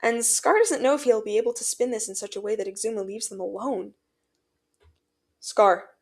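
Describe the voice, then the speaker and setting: A woman reading fanfiction aloud as narrator in an expressive, dramatic way. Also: fairly high pitch, quick pace. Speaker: fanfiction podcast reader.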